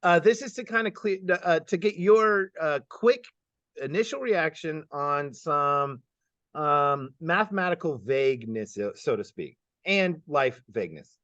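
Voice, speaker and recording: A man from Kansas City hosting an interview, firing off quick either-or questions, upbeat and laughing often, sometimes stammering over his words. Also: on the high side, lively intonation, a bit bright, no room sound. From Kansas City, United States. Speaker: host and geometry teacher. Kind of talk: lightning-round interview questions. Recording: dull, slightly muffled sound.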